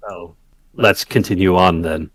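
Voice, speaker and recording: Male player, low voice, dry close recording. Descriptive, unhurried. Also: steady tone, fairly bright tone, no echo. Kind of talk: tabletop game play.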